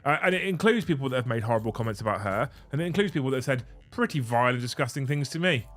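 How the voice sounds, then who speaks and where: A man hosts a hobby livestream in a mid-pitched voice. His casual banter rambles and is full of swearing. Faint music plays softly behind him. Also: animated, racing. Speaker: livestream host.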